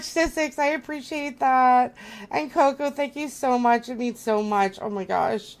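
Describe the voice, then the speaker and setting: A woman's voice: high voice, fairly even intonation, measured pace, clear, resonant tone. A woman hosting a live stream, gushing and flustered as she thanks her viewers.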